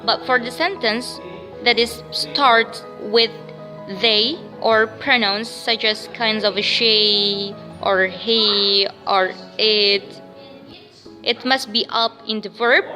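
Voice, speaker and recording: Slow, bright-voiced woman teaching pronunciation. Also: a little high, fairly even intonation, long reverb tail, faint music behind, low-quality recording. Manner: slow, repeats words and sounds for drilling. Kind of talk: pronunciation lesson with drills.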